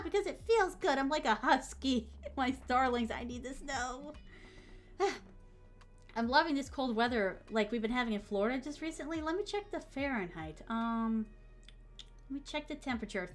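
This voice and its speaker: A woman's voice: sits high, expressive, normal speed. A woman streamer in a bubbly, gushing casual chat who reads out viewer messages and adds Japanese honorifics to names. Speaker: VTuber streamer.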